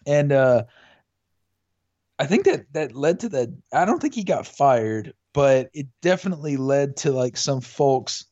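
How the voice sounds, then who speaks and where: A man's voice: mid-range voice, very animated, a little slow, mellow. A man chatting casually as a podcast co-host, telling a rambling story full of fillers and restarts. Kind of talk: casual chat. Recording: dull lo-fi audio.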